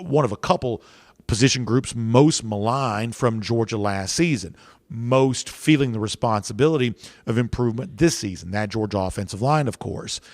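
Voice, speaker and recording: A man hosting a sports podcast, talking in a measured, analytical and emphatic way. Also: on the low side, dry recording. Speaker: podcast host.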